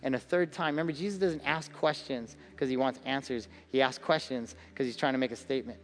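A man's voice: mid-range voice, fairly even intonation, a little fast, long reverb tail. A male pastor preaching a conversational sermon to a congregation. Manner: conversational preaching, acts out quoted voices.

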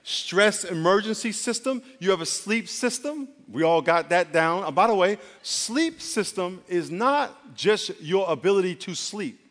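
A man preaching a sermon as pastor, animated and leading call-and-response with the congregation. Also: high-pitched, measured pace, few pauses. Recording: long hall reverb.

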